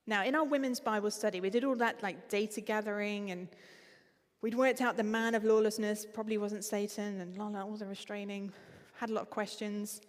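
A woman with an Essex accent preaching a sermon in a conversational, lively way, with frequent ums. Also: medium pitch, fairly quick, in a large hall.

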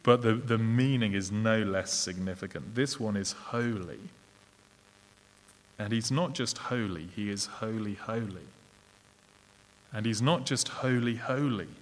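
English-accented man preaching in a reverberant hall. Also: fairly low pitch. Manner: earnest, measured, with fillers and restarts. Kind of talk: sermon. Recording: long reverb of a large hall.

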